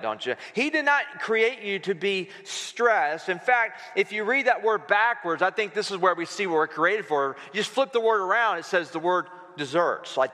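Man, sermon in a church, high bright voice, conversational and playful, reverberant hall. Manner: conversational, playful preaching with call-and-response. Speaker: pastor. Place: church sanctuary.

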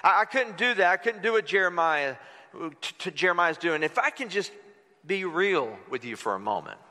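A man preaching a sermon as pastor, animated, acting out quotes with shifting voice. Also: high-pitched, moderate pace. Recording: long hall reverb.

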